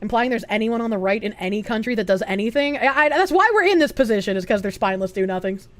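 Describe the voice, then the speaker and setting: A woman's voice: on the high side, lively intonation, fast talker, fairly bright tone. A young woman with a Boston accent, chatting bluntly and with plenty of profanity as she reads out her stream chat. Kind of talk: casual livestream chat.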